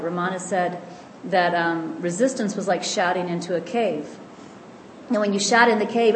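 A woman giving a calm, gentle spiritual teaching, explaining and slowing down to stress key lines. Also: on the low side. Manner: calm, gentle and explanatory, often slows for emphasis. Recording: echoey room with faint background noise.

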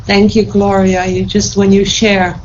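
Tearful, fervent woman giving slow testimony. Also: mid-range voice, level tone, muffled recording, a little hiss or hum. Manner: fervent, repeats words of thanks and blessing. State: tearful with joy. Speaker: participant sharing a testimony. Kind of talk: emotional spiritual testimony.

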